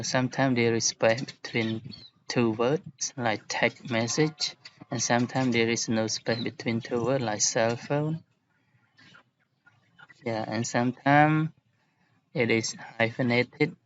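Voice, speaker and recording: A man teaching an English lesson, explaining word rules slowly and patiently with examples. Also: mid-range voice, steady tone, muffled recording, slight background noise. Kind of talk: recorded classroom lesson.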